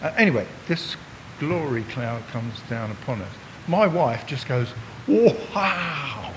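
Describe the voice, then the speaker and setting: An expressive Englishman in his sixties speaks at a normal speed as a visiting preacher in a church hall. He chats and jokes with the congregation, drawing his listeners in. The audio has a long hall reverb and a faint rumble.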